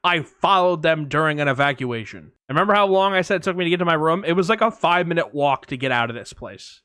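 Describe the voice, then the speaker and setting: A man co-hosting a podcast, telling anecdotes in a casual, animated way and acting out voices and sounds. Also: a little high, fast, clear, resonant tone, no echo, studio quality. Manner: animated storyteller, acts out voices and sirens. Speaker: podcast co-host. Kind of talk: casual storytelling chat.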